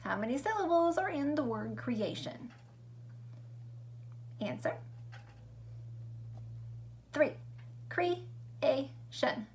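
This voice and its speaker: A woman teaching a remote lesson to young children, upbeat and sing-song, speaking slowly and clearly. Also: high-pitched, very animated, a little mellow, a little hiss or hum. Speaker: elementary school teacher.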